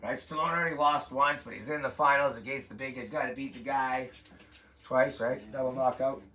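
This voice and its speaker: A man's voice: medium pitch, fairly even intonation, a little fast, bright, forceful tone. A man performing a stand-up comedy set in a living room, retelling a story in a profane, rambling way full of asides. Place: living room with a home-built stage.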